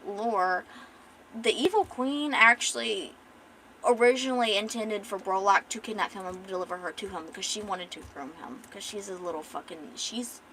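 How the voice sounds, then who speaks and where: A woman's voice: mid-range voice, a bit bright, a little hiss or hum, low-quality recording. Young woman streamer rambling thru her comic lore, swears a bunch, jokey asides. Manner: rambling, profane, joking asides. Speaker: artist and streamer. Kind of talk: casual storytelling on a stream.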